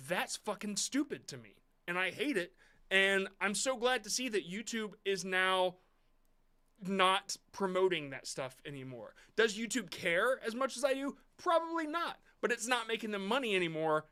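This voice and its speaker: A man's voice: high-pitched, bright, forceful tone. A man hosting a live stream, reviewing viewer shorts in blunt, rambling casual talk with some swearing.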